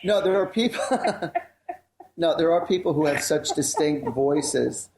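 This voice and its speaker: A man's voice: a little high, lively intonation, slow, reverberant, background noise. A man co-hosting a radio show, chatting casually, joking and rambling with frequent laughs.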